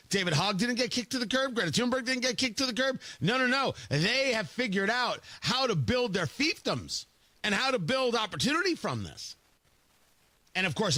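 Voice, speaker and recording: A man's voice: sits high, bright, forceful tone, dry recording. A male talk radio host delivering an opinionated, sarcastic monologue from a studio, mocking opponents in quoted voices. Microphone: studio microphone.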